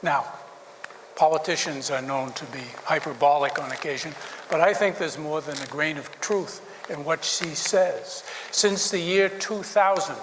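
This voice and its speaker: Middle-aged male publisher, dry wit, halting delivery, a bit high-pitched, light room noise. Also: a bit bright, big-room sound, rough recording. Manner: dry joking, hesitant with fillers. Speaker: newspaper publisher. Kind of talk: after-dinner speech with jokes.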